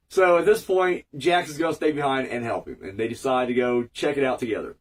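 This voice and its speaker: A man's voice: medium pitch, fairly quick, hardly any pauses, far from the mic. A man with a cold giving a casual, rambling, sweary recap review of an episode, full of fillers. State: fighting a cold.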